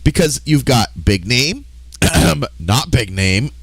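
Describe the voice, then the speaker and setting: A male game streamer rambling on, full of swearing and quick self-corrections. His pitch swings widely, and the dry, close sound has no room echo. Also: big pitch swings, gravelly, a bit bright, slightly rough. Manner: rambling, profane, often breaks into laughter; restarts and self-corrections mid-sentence. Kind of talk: casual live-stream chat while playing.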